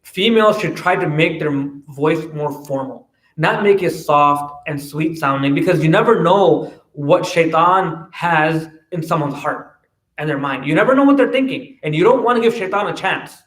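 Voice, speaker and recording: A man giving a casual religious talk, full of restarts and quick "right?" asides. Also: a little high, animated, fairly bright tone. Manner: conversational, many "right?" tags and restarts. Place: mosque hall. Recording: roomy, distant mic.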